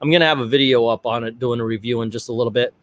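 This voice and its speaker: A middle-aged man tells a personal story on his vlog. His telling rambles and turns animated, in a casual, unscripted way. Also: mid-range voice, rapid-fire, dry recording. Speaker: vlog host.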